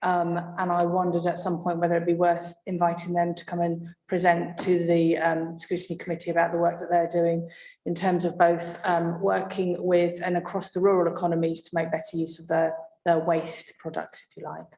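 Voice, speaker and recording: A woman councillor makes a measured, tentative suggestion at a committee meeting. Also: on the low side, completely flat delivery, mellow. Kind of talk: formal meeting comment. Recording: echoey meeting room.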